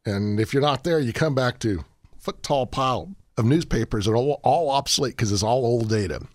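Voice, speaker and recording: A man's voice: mid-range voice, fairly quick, no room sound. A man, a radio show guest talking in a folksy, rambling way with frequent restarts. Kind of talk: radio talk show interview.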